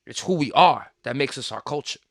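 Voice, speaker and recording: A young man, hosting a casual podcast and telling stories in an animated, slangy way full of swearing. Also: medium pitch, a little fast, no room sound, studio quality. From Puerto Rican, raised in New York. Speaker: podcast host.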